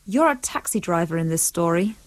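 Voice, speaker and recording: A woman's voice: fairly low pitch, animated, fairly quick, no echo. A woman narrating a comic story in a firm, bossy manner, keeping unruly characters in line.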